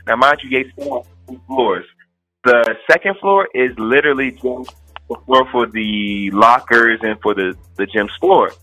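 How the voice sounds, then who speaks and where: A man from Maryland telling a personal story in a casual, animated way and acting out what people said. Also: mid-range voice, unhurried, lo-fi sound, soft background music. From Maryland, USA. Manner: animated, quotes people as he tells it.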